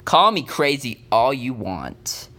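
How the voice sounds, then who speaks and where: A man talking casually to camera in a sports predictions vlog, an excitable fan who rambles and fills his talk with "um"s. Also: medium pitch, slow pace. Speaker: vlogger.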